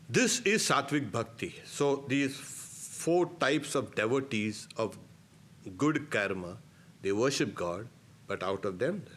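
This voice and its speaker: A middle-aged swami with a medium-pitched voice delivers a spiritual discourse. He's emphatic and tends to laugh softly at his own points.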